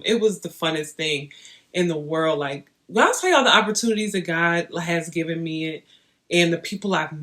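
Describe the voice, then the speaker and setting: Chatty young woman telling a story. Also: on the low side. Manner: chatty and animated, talking straight to her viewers. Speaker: vlogger. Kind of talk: casual storytelling to camera.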